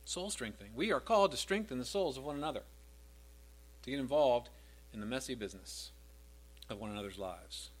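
This sermon comes from a middle-aged male pastor whose medium-pitched voice has a slightly rough edge. His emphatic delivery climbs in volume and pitch over repeated scripture lines, then drops back.

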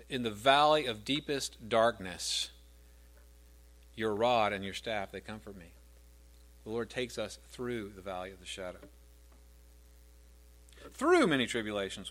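A man's voice: medium pitch, fairly bright tone. A middle-aged man preaching a sermon as pastor, repeating verses with rising emphasis.

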